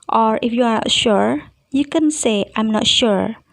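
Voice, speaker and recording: Slow, deliberate Indonesian-accented woman teacher. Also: on the high side, vocal fry, no room sound, rough recording. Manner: slow, deliberate reading of examples with explanations. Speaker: English teacher. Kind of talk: recorded lesson explaining test strategies.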